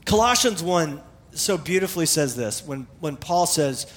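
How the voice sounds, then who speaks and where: A middle-aged male pastor preaching a sermon in a conversational, animated way, with emphatic repetition. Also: fairly high pitch, normal speed.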